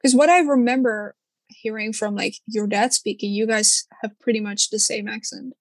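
A young woman who is not a native English speaker, chatting in an animated way with lots of fillers and casual swearing. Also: fairly high pitch, moderate pace, dry recording. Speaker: conversation partner. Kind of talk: casual chat.

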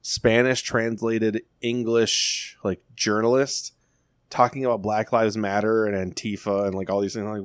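In clean studio sound with no echo, a young man co-hosting a podcast rambles through a long story in casual conversation. He speaks at a normal speed in a fairly low voice, cursing a lot and vividly imitating what others said.

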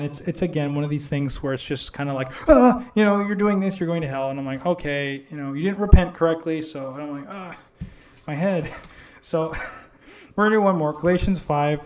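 Man, somewhat higher voice, earnest rambling scripture talk, restarts, bursts of excitement, vlog host. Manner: bursts into excited, laughing outbursts. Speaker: Christian video host. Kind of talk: casual Bible commentary to camera.

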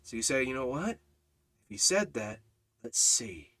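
A man leading a Bible study as a sermon, dropping to hushed low passages and building to loud, high-pitched preaching. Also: big pitch swings, measured pace. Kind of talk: impassioned sermon.

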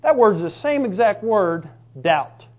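A man preaching a fervent, emphatic sermon, now and then bursting into shouts. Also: sits high, animated, unhurried, highs cut off. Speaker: pastor.

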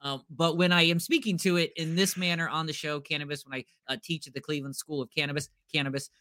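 A man's voice: a little high, fairly even intonation, quick pace, bright, forceful tone. A man co-hosting a podcast, asking playful, teasing questions in casual chat. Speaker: podcast co-host.

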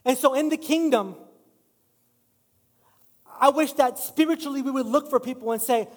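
Male pastor, middle-aged, high voice, casual storytelling sermon, reverberant church. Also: moderate pace. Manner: casual, self-deprecating storytelling with rising preaching emphasis. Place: church sanctuary. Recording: long hall reverb.

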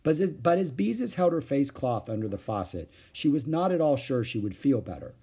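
A man reading a children's book aloud in an expressive, storytelling manner. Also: mid-range voice, a little fast, slightly rough. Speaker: storybook reader.

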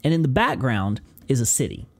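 A man's voice: medium pitch, expressive, a little fast. Casual swearing podcast co-host man.

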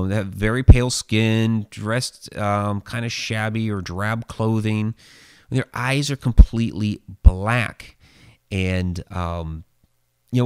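A man's voice: on the low side, no echo, clean studio sound. A man hosting a show and telling a story in loose, casual chat, full of fillers and restarts. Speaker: host reading viewer questions.

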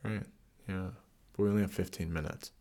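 A man's voice: sits low, fairly even intonation, brisk, warm tone. A man hosting a casual podcast chat, teasing and laughing often. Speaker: podcast host.

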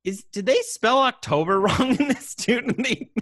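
A man's voice: very high-pitched, animated, unhurried, pushed and bright, no room sound. A man co-hosting a podcast, chatting casually and laughing often as he reviews a product. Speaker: podcast co-host.

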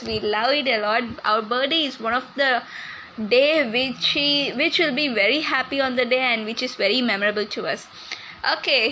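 Bright high-voiced young woman hosting. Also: slight background noise, rough recording. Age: young adult. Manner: chatty, teasing, laughs often. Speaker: podcast host. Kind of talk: casual podcast chat.

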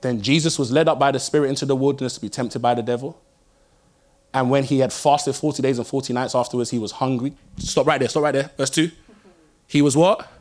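Young guy preaching, animated storytelling, loud then hushed. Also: mid-range voice, a little fast. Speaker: pastor. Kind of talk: sermon.

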